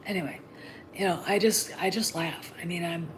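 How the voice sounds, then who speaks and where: Woman podcast host, low-pitched, opinionated solo talk with frequent fillers, faint hiss behind her. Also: moderate pace, rough recording. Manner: animated, blunt, swears freely, many fillers.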